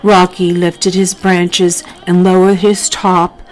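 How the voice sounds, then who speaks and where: A woman's voice: lowish voice, little pitch movement, takes it slowly, darkish tone, soft background music, poor audio. Chatty woman reading a storybook aloud. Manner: chatty asides, laughs often. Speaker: author reading her book. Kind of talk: children's book read-aloud.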